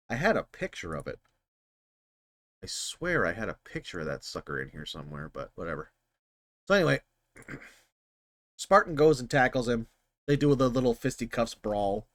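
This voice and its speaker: A man talks through a film scene in relaxed, rambling commentary, his voice rising and falling in a lively way. He swears freely and circles back on his words. The sound is close and dry, with almost no room echo. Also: mid-range voice. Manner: rambling, profane, animated. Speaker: channel host. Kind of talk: casual explanatory commentary.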